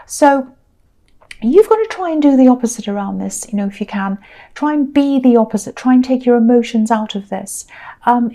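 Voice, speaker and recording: A woman's voice: a little high, dark tone. A middle-aged woman giving a casual, meandering tarot reading in a chatty, reassuring manner. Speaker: tarot reader.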